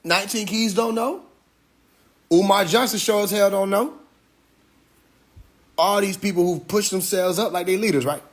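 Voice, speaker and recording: Preachy high-voiced man on a livestream. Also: moderate pace, long pauses. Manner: preachy, rhetorical questions, profane, animated. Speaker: livestream host. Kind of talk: Instagram Live monologue.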